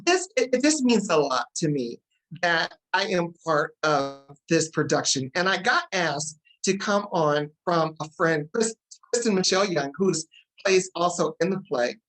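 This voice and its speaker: A woman hosting a talk show, excited and emotional as she introduces her guest. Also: lowish voice, low-quality recording. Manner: excited, fast-talking, emotional.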